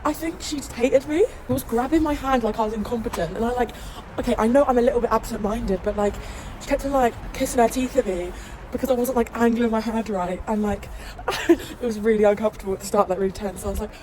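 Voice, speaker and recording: A young British woman talks into her phone as she travels, with a voice sitting a touch high. She rambles cheerfully and swears without a second thought, and the recording is outdoors with clear background noise. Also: fast. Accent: British English. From Britain. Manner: rambling, swears freely, laughs a lot. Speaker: travel vlogger. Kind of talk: casual chatty travel vlog.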